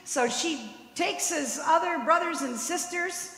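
High bright woman preaching in echoey hall. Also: animated, unhurried. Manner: storytelling, tagging points with "right?". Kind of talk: sermon. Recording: echoey hall with long reverb.

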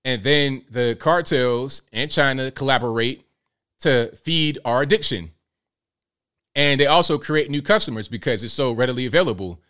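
A man delivering an opinionated monologue, animated, with frequent stammering restarts. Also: medium pitch, normal speed. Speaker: political commentator.

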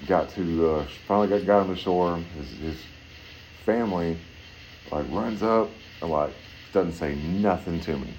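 A man's voice: unhurried, darkish tone, a little hiss or hum, rough recording. A man telling a long, rambling story in casual, profane chat. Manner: rambling, heavy swearing, acts out voices in high pitch.

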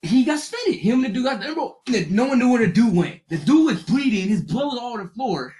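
Animated young storyteller, lively pitch. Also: fast talker. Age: young adult. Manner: animated storyteller, heavy slang, acts out quotes. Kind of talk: casual storytelling chat.

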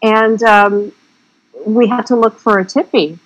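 A woman's voice: a little high, steady tone, measured pace, highs cut off. A woman film director in a casual interview, talking in a chatty, rambling way with frank, salty remarks.

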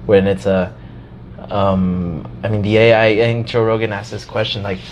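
A man in casual podcast chat, talking in an animated way, swearing and laughing as he tells a story. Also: lowish voice, moderate pace, lo-fi sound, slight background noise.

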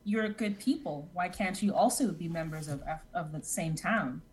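A woman's voice: fairly low pitch, normal speed. Woman player, casual and dismissive, slight background hiss. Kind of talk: casual tabletop game chat.

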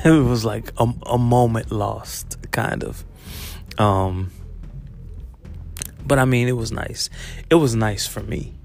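Gawędziarski mężczyzna z chrapliwym głosem. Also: male voice, mid-range voice, fairly even intonation, takes it slowly, creaky, long pauses, darkish tone, a little hiss or hum. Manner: chatty storytelling, frequent fillers and laughs, swears freely. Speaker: teacher. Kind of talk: casual confessional monologue. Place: school, on a break.

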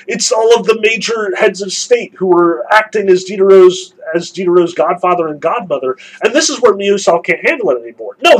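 A male lecturer walks through a novel scene by scene, stressing key points. His voice is husky and sits fairly high. He talks analytically and emphatically. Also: rough recording. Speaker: literature lecturer.

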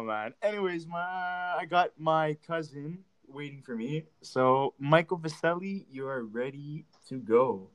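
A man's voice: fairly high pitch, measured pace, hardly any pauses, a bit bright. Young man ranting with lots of swearing. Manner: rambling, profane storytelling. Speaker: podcast host. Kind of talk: casual monologue and chat.

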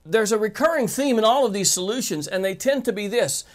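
A man's voice: high-pitched, lively intonation, fairly quick. A man preaching a sermon, talking straight to his listeners with emphatic rhetorical questions.

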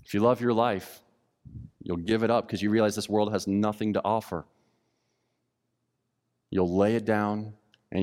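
A man's voice: on the low side, measured pace, long pauses. Preaching man in a reverberant hall. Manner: animated, acts out indignant voices of the crowds. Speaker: pastor. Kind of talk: sermon.

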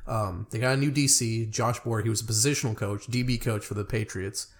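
A man's voice: on the low side, steady tone, fairly quick. A young man co-hosting a casual sports podcast, rambling loosely and joking with friends. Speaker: podcast co-host.

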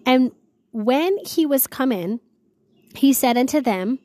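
Reading scripture aloud and retelling it in casual, slangy language, a devotional series host sounds earnest and awed, frequently saying "wow". She has a high, slightly mellow voice, animated yet slow, recorded without echo.

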